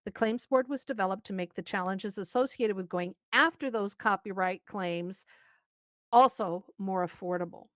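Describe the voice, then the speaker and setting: A woman's voice: medium pitch, normal speed, a bit bright, no room sound. A woman co-hosting a community news stream, reading scripted news with upbeat, playful asides. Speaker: co-host.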